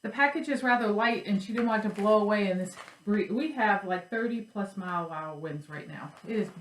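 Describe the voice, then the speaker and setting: A woman's voice: medium pitch, a little fast, echoey room, a little hiss or hum, low-quality recording. A woman chatting casually at home about her cross stitch and craft supplies, rambling and joking at herself. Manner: chatty, rambling, self-deprecating. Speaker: flosstube host.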